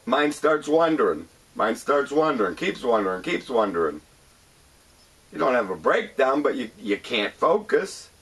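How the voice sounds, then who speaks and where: A man hosting his own show, talking about his experience in an earnest, halting monologue, often repeating himself. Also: mid-range voice, a bit bright, breathy edge, recorded from a distance. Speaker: show host. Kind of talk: personal monologue to camera.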